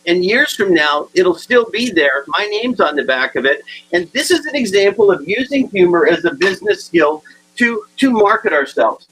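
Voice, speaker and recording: A man giving a humorous keynote talk to realtors, acting out both sides of his stories with animated delivery. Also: high voice, low-quality recording. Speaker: motivational speaker.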